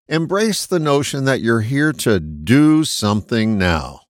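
A man reading a short reflective essay in a measured, emphatic way. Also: fairly low pitch, no echo, clean studio sound. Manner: measured, emphatic, lively intonation. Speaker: host of a short reflective segment. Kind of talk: read personal essay.

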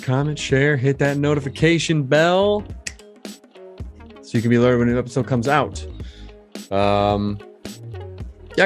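A man from Michigan hosting his own podcast, talking on in a loose, rambling way with many ums and restarts. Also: mid-range voice. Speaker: podcast host. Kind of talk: casual solo podcast monologue.

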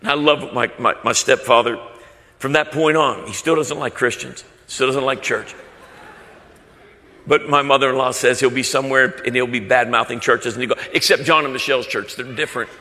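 A man's voice: mid-range voice, steady tone, moderate pace, sharp tone, long reverb tail. Impassioned man preaching a sermon. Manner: storytelling, impassioned. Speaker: pastor.

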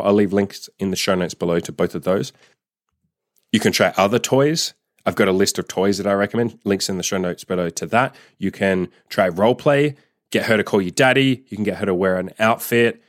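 Laid-back coach guy, lowish voice, swears a lot, dry sound. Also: dry recording. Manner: blunt, profane, laid-back. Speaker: dating and sex coach. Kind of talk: casual advice monologue.

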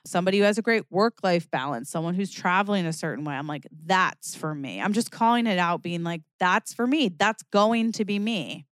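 A young adult woman hosting her own podcast, talking candidly and expressively in a casual solo monologue, from lively bursts to quiet reflection. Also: lowish voice, normal speed, hardly any pauses, clean tone, dry recording, clean studio sound. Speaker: podcast host.

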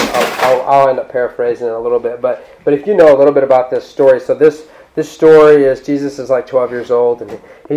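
A male pastor preaching a sermon in a conversational, animated way, breaking off into asides and restarting his sentences. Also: mid-range voice, low-quality recording. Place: church.

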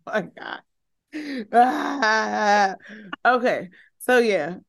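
A woman co-hosting a casual podcast, emphatic and quick to laugh, swearing freely as she talks. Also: medium pitch, expressive, gravelly. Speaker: podcast co-host.

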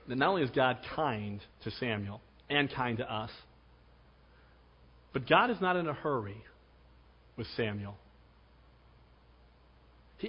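A man preaching a sermon as pastor, dramatic, swinging from loud calls to hushed tones. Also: medium pitch, husky. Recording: dull sound with long hall reverb.

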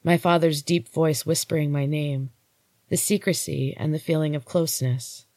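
A woman host reading a first-person story in a steady, unhurried way. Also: sits low, no room sound, studio quality. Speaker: podcast host and story reader.

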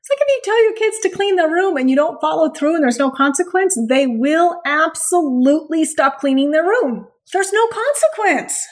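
A woman giving a blunt, animated talk as a dog trainer hosting a show, laughing often. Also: very high-pitched, moderate pace, few pauses. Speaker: dog trainer and podcast host. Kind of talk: instructional talk.

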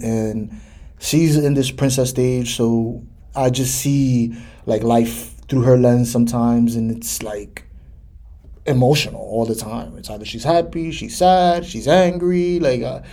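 A man in his thirties talks through a solo podcast episode in a relaxed, easygoing way, filling gaps with "you know" and "like". His voice is mellow and dark, with a husky grain to it. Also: medium pitch. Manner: conversational, loose, many fillers like "you know". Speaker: podcast host. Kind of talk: casual solo podcast talk.

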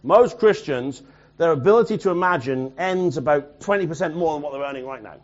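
A man delivers a sermon in a slightly high voice, rising to loud, urgent exhortation and then dropping to quiet asides. The recording is muffled and lo-fi. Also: expressive, brisk. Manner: swings from loud urgent preaching to quiet near-mutter. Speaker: pastor.

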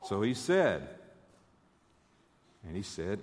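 A man's voice: medium pitch, very animated, unhurried, big-room sound. A man preaching a conversational sermon, often repeating words as he stammers.

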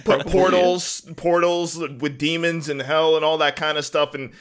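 A man on a podcast chatting in an animated, rambling way, often breaking into laughs. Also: fairly high pitch, normal speed. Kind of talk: casual chat.

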